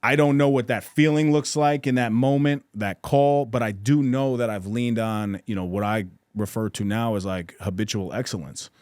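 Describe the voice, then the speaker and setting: A man's voice: medium pitch, normal speed, few pauses, darkish tone, clear, resonant tone, no room sound, clean studio sound. A man in casual podcast conversation, talking in an earnest, reflective way with frequent restarts and self-corrections.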